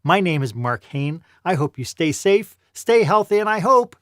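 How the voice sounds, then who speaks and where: A man's voice: sits high, very animated, normal speed, fairly bright tone, dry recording, studio quality. A man hosting a podcast interview, praising his guest effusively and giving an upbeat outro. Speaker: podcast host.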